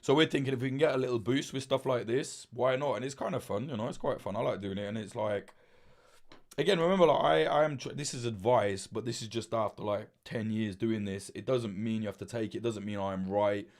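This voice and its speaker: Brisk and medium-pitched, a man in his late twenties rambles casually on his livestream, leaning on fillers and restarts and swearing freely.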